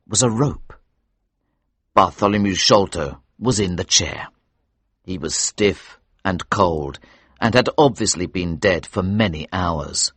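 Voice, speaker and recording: A man reads a story aloud slowly and expressively for English learners. His voice is lowish and husky, with lively intonation. The recording is close and dry. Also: no room sound. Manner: slow, clear and expressive.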